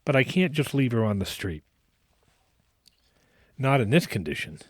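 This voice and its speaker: A man hosting a podcast, casually telling a long anecdote in an animated way, with frequent restarts. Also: mid-range voice, normal speed, dry recording, clean studio sound. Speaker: podcast host. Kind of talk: casual storytelling.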